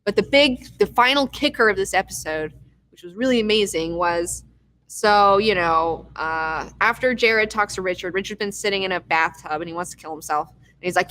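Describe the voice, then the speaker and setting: Bright-voiced excitable young woman recapping. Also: mid-range voice, moderate pace. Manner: profane, excitable, acts out characters' lines. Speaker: TV recap host. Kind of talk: casual episode recap.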